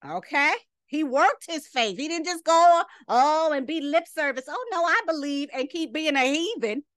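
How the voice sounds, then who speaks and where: High-voiced woman teaching scripture emphatically. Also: animated, a little slow, a bit bright, no echo, studio quality. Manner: reads verses then comments emphatically, scolding and rhetorical. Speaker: Bible study teacher. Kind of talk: Sabbath scripture lesson.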